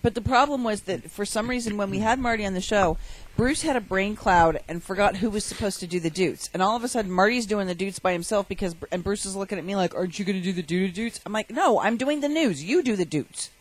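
A woman's voice: medium pitch, fast, rough recording. A woman co-hosting a casual talk show, reading news stories in a wry, matter-of-fact way. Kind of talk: casual podcast chat.

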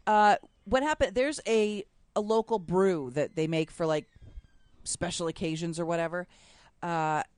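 A woman tells odd news stories on a casual talk show, chatty and quick to laugh. She stresses her punchlines. The recording is dry and close. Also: on the low side, darkish tone, smooth, no echo. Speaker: podcast co-host reading news stories. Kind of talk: casual chat.

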